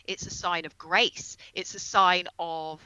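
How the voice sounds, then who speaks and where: A woman guest on a podcast, explaining astrology in a casual, earnest way and slowing down on key terms. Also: fairly low pitch, fairly even intonation, bright, forceful tone, clean tone, no echo, muffled recording.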